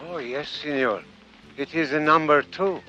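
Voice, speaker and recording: A man's voice: fairly high pitch, measured pace, lo-fi sound, slight background noise. An actor playing a humble, eager-to-please old man in an old film clip. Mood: deferential. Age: older. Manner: deferential, then wildly excited.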